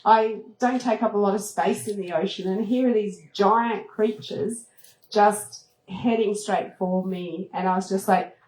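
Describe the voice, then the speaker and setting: A woman who hosts a travel show, telling a story to a retreat audience in a lively way, laughing often and squealing as she acts out moments. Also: medium pitch, unhurried. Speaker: travel TV host giving a talk. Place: event room at a retreat. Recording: roomy echoing hall.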